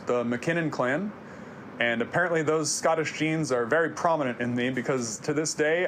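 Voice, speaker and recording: A man's voice: fairly high pitch, a bit bright, a little hiss or hum. A man around thirty, hosting a personal video series, narrating scripted reflections in an earnest, confessional way.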